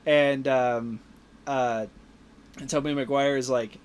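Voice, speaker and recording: A man's voice: medium pitch, fairly even intonation, slow pace, a little hiss or hum. A man hosting a podcast, animatedly retelling movie scenes in casual chat and laughing often. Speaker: podcast host.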